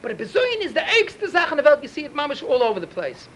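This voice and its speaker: Man, Talmud teacher, high voice, very fast, animated storytelling. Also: a little hiss or hum, poor audio. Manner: animated, rapid storytelling peppered with Yiddish and Hebrew terms. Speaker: Torah teacher.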